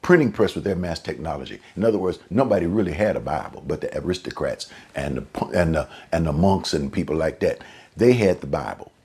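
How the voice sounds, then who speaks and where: A man preaching a sermon in a conversational way. He repeats and restarts phrases, and his pitch and volume jump up suddenly for emphasis. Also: lively intonation, brisk, a little mellow, slightly rough. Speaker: pastor.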